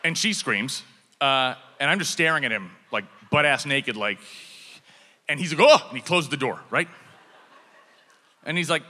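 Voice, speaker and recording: A man with a bright, fairly high voice tells a comic story on stage, swinging his pitch all over as he acts out the scene. His voice rings with a long reverb from a large hall. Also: normal speed. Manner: animated, acts out shouted dialogue. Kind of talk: live comedic storytelling.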